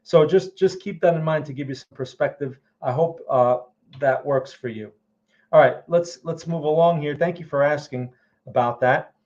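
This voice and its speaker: A man hosts a live trading stream, giving casual market commentary as he explains charts and often checks in with "okay?" and "right?". His voice is fairly high, moderately paced, and a little mellow, heard through muffled lo-fi audio.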